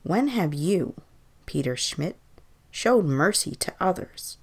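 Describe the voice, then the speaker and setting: A woman voicing a chorus of vengeful spirits who accuse slowly in a booming voice. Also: expressive, darkish tone, husky, exaggerated voice. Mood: accusing, booming.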